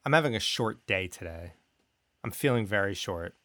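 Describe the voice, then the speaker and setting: Dude cohosting a comedy podcast, mock serious bits, voice swings around a lot. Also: male voice, on the low side, expressive, normal speed, pushed and bright. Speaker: podcast co-host. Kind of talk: casual comedic chat.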